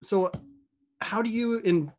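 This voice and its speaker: A man hosting a podcast interview, asking questions in a halting way with frequent restarts and laughter. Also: sits high, darkish tone. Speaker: podcast host. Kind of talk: casual interview.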